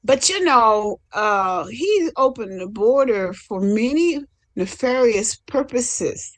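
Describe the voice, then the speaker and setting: A woman's voice: a little high, lively intonation, slow pace. A woman in a casual talk show, speaking hesitantly and often trailing off before finishing her thought. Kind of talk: casual chat.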